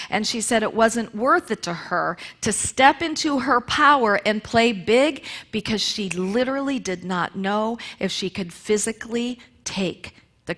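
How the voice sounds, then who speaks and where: A woman speaking at a church service, retelling a story in a lively sermon and acting out the quotes. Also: mid-range voice. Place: church sanctuary.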